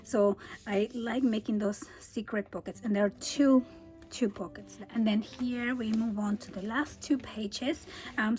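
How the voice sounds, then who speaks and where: Female crafter, fairly high voice going breathy and hoarse, relaxed chatty tutorial delivery. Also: unhurried, soft background music, poor audio. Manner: chatty, easygoing, frequent um and uh. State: losing her voice, often drops to a breathy whisper. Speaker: scrapbooking crafter. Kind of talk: casual craft album walkthrough.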